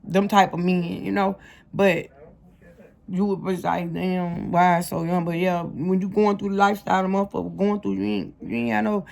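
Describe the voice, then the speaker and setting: Young woman, storytime vlog, slangy, talks to viewers, low gravelly voice. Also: moderate pace, darkish tone. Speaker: vlogger telling her life story. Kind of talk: casual storytime monologue.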